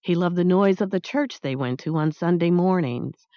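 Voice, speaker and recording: A woman narrating an audiobook in a measured, lyrical reading. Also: on the low side, warm tone, dry recording. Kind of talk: scripted narration. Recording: dry, slightly dull close-mic sound.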